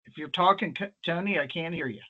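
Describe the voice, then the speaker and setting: A man's voice: on the high side, fast. Rambling man on a lo-fi call. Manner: rambling, chatty, many fillers and restarts. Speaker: nurse presenter. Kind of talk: online presentation, telling a story. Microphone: video call. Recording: dull lo-fi online call audio.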